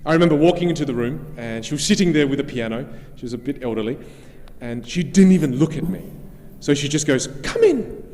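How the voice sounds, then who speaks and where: A man's voice: on the high side, fast talker, few pauses, a little mellow, slight background noise. A man hosting a live event, telling a personal anecdote on stage. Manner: anecdotal, with some restarts. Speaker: event host and speaker. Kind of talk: storytelling stage talk. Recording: long hall reverb, faint music behind.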